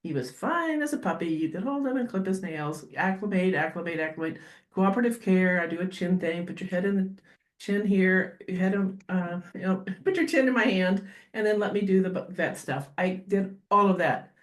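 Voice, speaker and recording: A woman guest on a podcast talking as a dog behaviorist, animated and quick to act out little scenes. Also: medium pitch. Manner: animated, acts out dogs and owners in quick asides. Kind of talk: podcast interview conversation. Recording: roomy echo.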